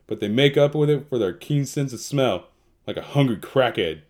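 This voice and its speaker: A man's voice: mid-range voice, lively intonation, moderate pace, a little mellow. A man narrating a fairy tale as a comedic parody, in a mock-storybook tone peppered with street slang.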